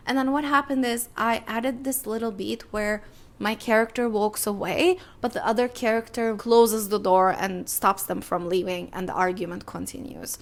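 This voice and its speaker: A young adult woman talks through on-set advice in a relaxed podcast style, lively and chatty, now and then slipping into acted-out lines. Her mid-range voice carries a gravelly fry at the ends of phrases. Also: mid-range voice, normal speed. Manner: chatty, animated, acts out little quoted exchanges. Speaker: podcast host and filmmaker. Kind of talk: casual advice podcast talk.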